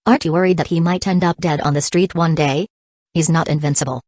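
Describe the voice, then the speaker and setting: A woman's voice: low voice, steady tone, quick pace, darkish tone, dry recording, studio quality. A woman reading the lines of an exasperated young woman in an audiobook.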